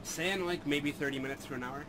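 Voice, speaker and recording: A man's voice: a little high, fast talker, bright, forceful tone, poor audio. A man playing a shooter with a friend, explaining the game bluntly and swearing casually. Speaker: gamer. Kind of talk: casual gaming banter.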